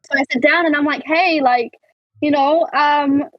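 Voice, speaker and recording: A woman's voice: high voice, flat delivery, brisk, fairly bright tone, no echo. A young woman co-hosting a podcast in casual chat, telling stories with many fillers and restarts. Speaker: podcast co-host. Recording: dull lo-fi, dry sound.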